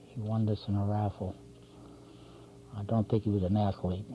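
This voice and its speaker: A man's voice: fairly low pitch, level tone, normal speed. Man teaching cartooning on lo-fi public-access tape. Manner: chatty, narrates each stroke as he draws. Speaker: drawing instructor and show host. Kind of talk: step-by-step drawing lesson. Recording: dull 1990s community TV tape with faint hum.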